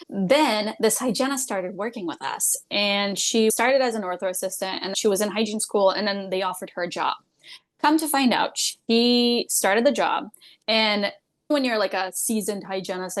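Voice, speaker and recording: A woman who works as a dental hygienist, a guest on a podcast interview. She tells candid stories in a loud, giggly way, laughs often and swears casually. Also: mid-range voice.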